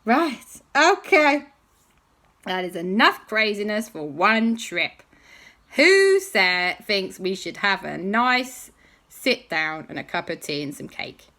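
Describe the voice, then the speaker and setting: A brisk, motherly aunt speaks in a bedtime story, voiced by the woman reading it. Her voice is bright and very lively as she looks after her nephews. She sounds caring and firm. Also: mid-range voice, exaggerated voice. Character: cheerful bossy aunt, caring and relieved.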